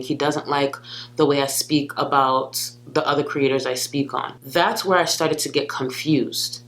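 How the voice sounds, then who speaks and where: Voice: medium pitch, fairly bright tone. A commentary youtuber delivering a scripted call-out video, speaking firmly and accusingly and addressing the target directly.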